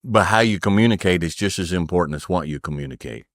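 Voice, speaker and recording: A man's voice: low-pitched, fast talker, no room sound, studio quality. A middle-aged man talking about family and faith, giving advice in an earnest, preaching way and repeating phrases for emphasis. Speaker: podcast guest. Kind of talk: conversational storytelling and advice.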